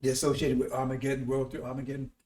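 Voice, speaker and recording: In a mid-range, slightly mellow voice, the preacher speaks very fast and in a monotone while hosting his broadcast. His casual sermon meanders, dotted with frequent "See?" and "Right?" check-ins. He sounds distant from the mic amid a roomy echo.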